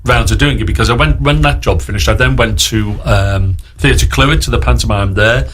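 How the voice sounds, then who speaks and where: Husky Liverpool man spinning long yarns. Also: medium pitch, moderate pace, a bit bright. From Liverpool, England. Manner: rambling storyteller who acts out other people's lines. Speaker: guest actor. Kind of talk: anecdotal radio interview.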